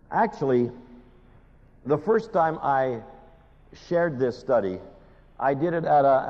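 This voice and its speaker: Animated male preacher in a reverberant hall. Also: fairly high pitch. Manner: animated, pleading emphasis with dramatic pauses. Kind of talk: sermon. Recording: muffled hall recording with long reverb.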